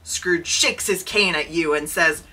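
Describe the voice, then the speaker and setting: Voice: medium pitch, unhurried, sharp tone, rough recording. A podcast co-host reading a choose-your-own-adventure story aloud, with wry, jokey asides. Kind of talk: casual chat and reading aloud.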